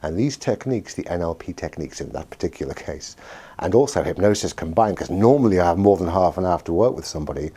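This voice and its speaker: A man with a very deep, husky voice recounts a session with a client as a hypnotherapist. His tone is dark and mellow. He tells the story briskly, voicing both himself and the client. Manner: lively storyteller, acting out both sides of a dialogue. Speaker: hypnotherapist and NLP practitioner. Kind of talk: anecdotal storytelling to camera.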